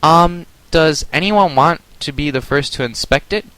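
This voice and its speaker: A man's voice: a little slow, pushed and bright, no room sound. A man voicing an earnest young female unicorn pony leader, his voice pushed far up as she calls out. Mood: hesitant. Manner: pitched far up, calling out urgently.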